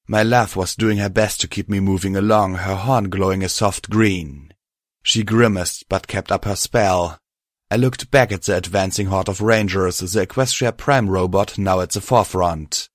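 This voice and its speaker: Male narrator, low-pitched, measured, first-person fiction reading. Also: no echo, studio quality.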